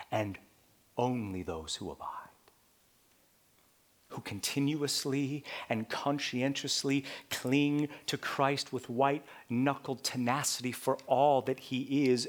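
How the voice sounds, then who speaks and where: A man preaching a sermon, swinging from loud, emphatic lines to hushed whispers and repeating key points. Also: mid-range voice.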